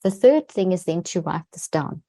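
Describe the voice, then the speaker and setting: Warm, low-voiced woman explaining earnestly. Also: animated, normal speed, no echo. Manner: earnest and explanatory, presses key words. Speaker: podcast guest, neuroscientist. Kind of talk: explaining in an interview.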